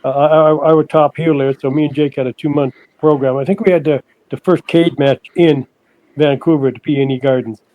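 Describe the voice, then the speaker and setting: An older man, a guest on an interview podcast, telling stories in a halting way that repeats words, and he puts on higher voices for the people he quotes. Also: steady tone, muffled recording. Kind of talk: casual storytelling interview.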